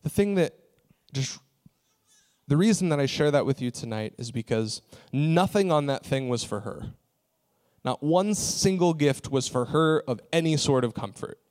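A man's voice: on the high side, expressive, normal speed, a little mellow. Man telling a story in a sermon. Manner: conversational storytelling with fillers. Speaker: pastor.

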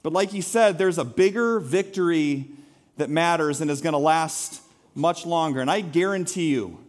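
High-voiced animated male pastor preaching. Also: moderate pace. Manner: animated, conversational, self-mocking humor with audience questions. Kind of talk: sermon. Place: church sanctuary.

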